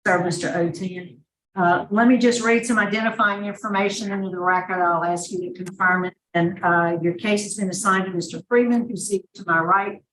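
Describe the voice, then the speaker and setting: A woman chairing a parole hearing, brisk and formal, reading details into the record. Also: mid-range voice, fairly even intonation, fairly bright tone. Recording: echoey hearing room, distant mic, faint noise.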